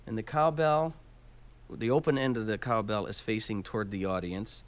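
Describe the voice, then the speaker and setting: In this instructional demo, a man explains Latin percussion instruments one step at a time and counts the beats aloud. His lowish voice is smooth and expressive at a moderate pace, though loud noise fills the background.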